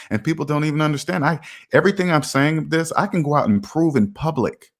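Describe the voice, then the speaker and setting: A middle-aged man hosting a personal finance video, talking casually and emphatically to the viewer, repeating his points and acting out imagined conversations with people on the street. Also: mid-range voice. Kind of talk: casual monologue to camera.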